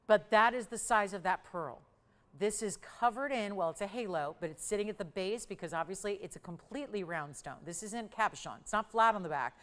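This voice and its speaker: A woman's voice: mid-range voice, fairly bright tone, big-room sound. Upbeat woman calling auction bids. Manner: brisk, upbeat sales talk, calling out bids. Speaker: live shopping auction host. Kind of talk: live TV shopping auction patter.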